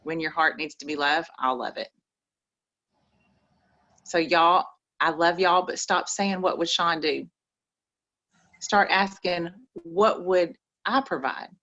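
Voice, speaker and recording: A woman's voice: lowish voice, takes it slowly, pauses often, a bit bright, lo-fi sound. A woman with an East Texas accent giving folksy, preachy motivational advice on a group call. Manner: folksy, preachy, says y'all.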